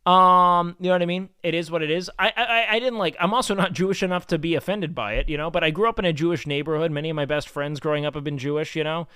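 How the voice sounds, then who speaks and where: A man chatting casually on a live stream, rambling with lots of fillers and getting animated when he rants. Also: a little high, quick pace, few pauses, clean tone, no room sound. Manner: rambling, heavy with fillers like "like" and "you know"; worked-up and animated when ranting. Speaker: streamer reading chat.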